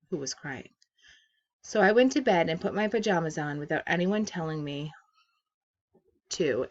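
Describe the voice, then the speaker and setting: A woman teacher reading a novel aloud to her class from her office, with steady, expressive storytelling. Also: on the low side, muffled recording.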